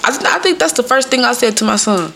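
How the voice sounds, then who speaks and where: A woman's voice: on the high side, animated, fast talker, vocal fry, pushed and bright, slight background noise. A young adult woman hosting a podcast in casual, profane talk, laughing often and mimicking people in quotes. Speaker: podcast host.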